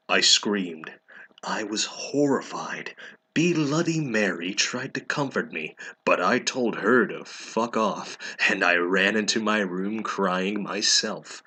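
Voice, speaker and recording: Slow, sarcastic man reading aloud. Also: lowish voice, husky. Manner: sarcastic, deadpan, breaks into laughter. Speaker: comedic reader. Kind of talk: mocking dramatic reading of fan fiction.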